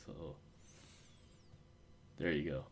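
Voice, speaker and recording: A man's voice: very deep voice, steady tone, very slow. A man co-hosting a casual fan podcast, rambling with many fillers and restarts. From Osaka. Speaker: podcast co-host.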